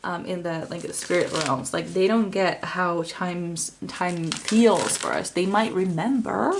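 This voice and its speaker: A woman giving a casual tarot reading to camera, rambling with many fillers and restarts and sometimes dropping to a soft whisper. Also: lowish voice, measured pace, creaky, background noise. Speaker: tarot reader.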